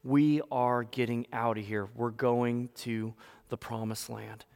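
A man's voice: mid-range voice, level tone, slow pace, vocal fry, darkish tone. Storytelling male preacher in a reverberant hall. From United States. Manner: storytelling, acts out voices. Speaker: pastor. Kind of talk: sermon.

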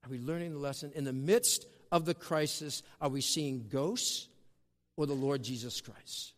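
A man preaching a sermon, swinging between loud, drawn-out emphasis and hushed asides. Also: medium pitch. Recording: long hall reverb.

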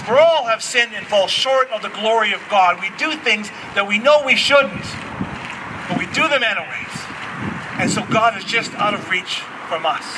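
Man, pastor, high bright voice, animated storytelling sermon, heard from a distance with faint noise. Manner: animated, acts out voices in his stories.

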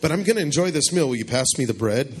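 Lofty, mock-solemn God at a dinner table, played by a man in a deeper, louder register. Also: expressive, fast, slightly rough. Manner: deep, loud, pompous.

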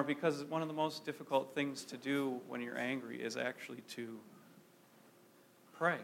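A man's voice: medium pitch, little pitch movement, moderate pace, gravelly, fairly bright tone. A man preaching a sermon to a congregation in a conversational way, often asking his listeners questions. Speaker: pastor.

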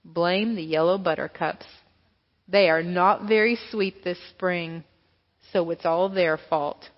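Storybook cow, slow and low, as a woman puts her on; echoey hall, dull sound. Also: steady tone. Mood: defensive. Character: female cow, plain and matter-of-fact.

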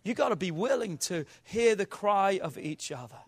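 A man preaching a sermon with animated delivery who acts out quoted arguments and sometimes rises to shouting. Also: high voice, moderate pace. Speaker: pastor.

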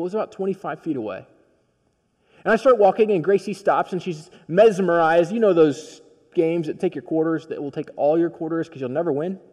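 A male pastor preaching a sermon, telling a story in a personal, conversational way that swings from quiet to emphatic. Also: a little high, big-room sound.

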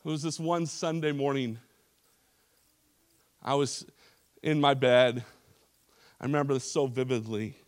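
A man's voice: medium pitch, steady tone, unhurried, long pauses. A male pastor preaching a sermon in a church service, emphatic, with frequent restarts and repeated phrases.

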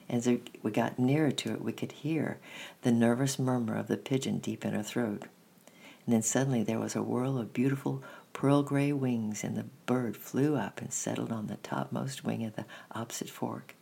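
A man reading a children's story aloud in a steady, measured first-person narration. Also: mid-range voice, vocal fry, husky.

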